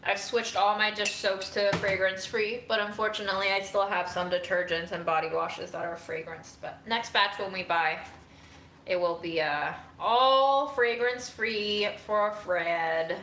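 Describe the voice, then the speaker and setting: A woman hosting a casual livestream from her room at home, chatting and ranting to her viewers. Her voice is bright and tense. The room is echoey with faint noise behind her. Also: mid-range voice, a little slow. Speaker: livestream host.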